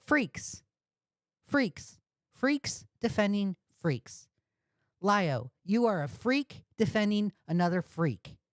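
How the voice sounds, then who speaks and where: A woman's voice: medium pitch, very animated, slow pace, dry recording, clean studio sound. A woman host ranting on a commentary livestream, profane and indignant, repeating insults. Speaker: commentary streamer.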